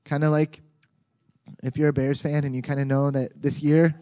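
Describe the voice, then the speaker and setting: Mellow-voiced pastor preaching. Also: male voice, on the high side, normal speed. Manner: conversational, animated, with frequent restarts. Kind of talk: sermon.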